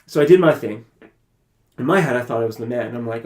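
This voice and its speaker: A man from Canada, a podcast guest, telling a personal story in an animated way and acting out his own past conversations. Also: mid-range voice, moderate pace, pauses often. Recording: roomy echoey room.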